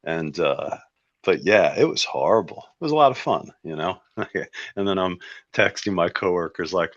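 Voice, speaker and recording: A man's voice: low-pitched, animated, moderate pace, a bit bright, no room sound, muffled recording. A man telling a story in a casual podcast chat, laughing and mocking himself as he goes.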